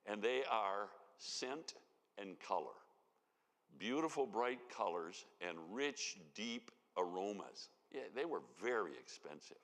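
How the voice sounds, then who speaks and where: A man with a fairly low, fairly bright voice speaks slowly with lively intonation, giving sermon-style Bible teaching at a conference in a church sanctuary. He tells the story animatedly and acts out the lines he quotes, and the hall is reverberant.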